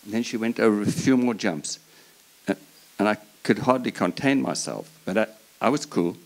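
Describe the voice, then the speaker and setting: A man with a very low voice tells a personal story to a live audience. He talks earnestly and passionately, often starting sentences over as he goes. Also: normal speed, creaky. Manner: earnest and passionate, with frequent restarts. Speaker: horse breeder on a panel.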